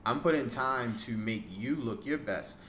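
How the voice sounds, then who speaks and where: A young man in a casual interview, an animated storyteller who acts out what other people said. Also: mid-range voice, measured pace, reverberant, a little hiss or hum. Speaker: podcast guest, wrestling photographer.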